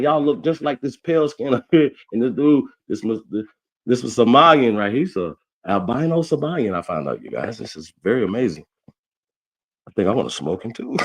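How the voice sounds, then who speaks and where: A man hosting a livestream, ranting loudly with heavy swearing and constant repetition. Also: medium pitch, animated, brisk. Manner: loud, ranting, repeats himself, swears a lot. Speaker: livestream roast host. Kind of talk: heated profane livestream rant.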